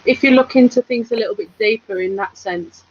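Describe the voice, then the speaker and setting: A woman's voice: on the high side, brisk, husky. A woman guest in a casual talk-show discussion, chatting and filling her speech with "like" and "you know.". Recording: dull lo-fi audio.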